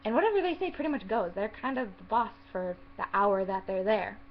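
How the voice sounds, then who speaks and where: A woman's voice: medium pitch, big pitch swings, brisk. A young woman telling a story about her worst night as a waitress in a chatty, exasperated vlog style, swearing and acting out what people said. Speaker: vlogger telling a work story. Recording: slightly dull lo-fi audio with faint hiss.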